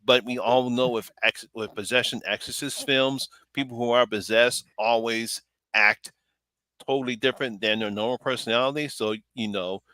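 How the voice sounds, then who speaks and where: Bright-voiced man hosting casual chat. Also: mid-range voice, fairly even intonation, normal speed, no room sound. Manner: rambling, restarts sentences, laughs often. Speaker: host of a horror movie live stream. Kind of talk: casual live stream chat.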